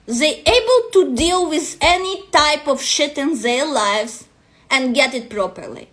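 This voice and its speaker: A woman's voice: high voice, expressive, a little slow, a bit bright. A woman coach with a non-native English accent, ranting bluntly and profanely to her vlog audience. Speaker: destiny matrix coach.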